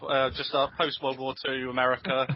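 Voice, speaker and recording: A man, new to the panel, speaking haltingly with frequent pauses. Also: mid-range voice, monotone, a little hiss or hum. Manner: hesitant, halting. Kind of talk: casual group chat. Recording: dull lo-fi call audio.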